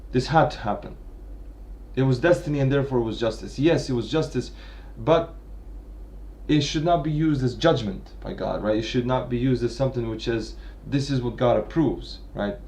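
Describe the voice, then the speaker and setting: A man's voice: mid-range voice, moderate pace, a little mellow. A man giving an unscripted analytical talk on a literary work, thinking aloud with frequent restarts and tag questions. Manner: thinking aloud, many restarts and "right?" checks. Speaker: literature commentator.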